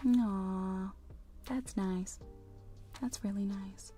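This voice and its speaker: Woman, live ASMR hypnosis streamer, soft rambling whisper, giggly, warm low-key tone. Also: fairly even intonation, extremely slow, soft background music. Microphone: studio condenser and binaural mics.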